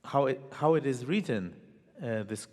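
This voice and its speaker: A man's voice: medium pitch, animated, moderate pace. A man teaching a violin master class in a conservatory hall, explaining earnestly and singing phrases in syllables. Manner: sings phrases in syllables between instructions; earnest, imagery-rich explaining.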